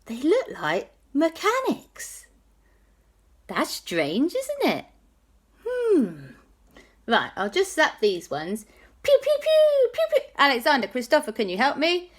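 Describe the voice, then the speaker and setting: A woman's voice: high voice, huge pitch swings, slow pace, long pauses, voice pushed up, exaggerated voice. A woman voicing a fretful young man on a beach buggy in a children's story.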